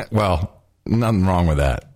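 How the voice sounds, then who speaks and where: A man with a very deep voice cracks sarcastic jokes in casual podcast banter. His pitch jumps around a lot, and he laughs easily. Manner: animated, jokey, quick to laugh, sarcastic. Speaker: podcast co-host.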